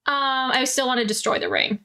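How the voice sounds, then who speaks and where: A woman's voice: sits high, wildly swooping pitch, brisk, bright, forceful tone, smooth. A woman player talking bluntly and casually during a tabletop game.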